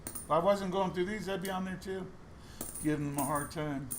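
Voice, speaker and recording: Going through boxes of coins, a male vlogger who hunts coin rolls chats away and keeps restarting his stories. He speaks at a moderate pace in a high-pitched voice, with a faint hiss or hum in the recording.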